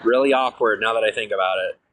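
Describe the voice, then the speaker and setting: A man's voice: fairly low pitch, fast talker, fairly bright tone, a little hiss or hum, poor audio. A man streaming to viewers, telling long rambling personal stories full of fillers and restarts.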